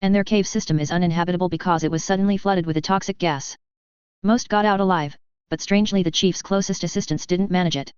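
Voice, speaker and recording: A woman's voice: lowish voice, steady tone, fast talker, darkish tone, smooth, no echo, lightly acted. A woman reading the lines of a large, horned, furry male creature who reports deferentially to his lord, on slightly dull lo-fi audio.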